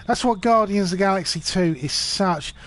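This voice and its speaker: A man's voice: sits high, moderate pace, a bit bright. A drunk man in his forties rambling and swearing while streaming a game. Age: 40s.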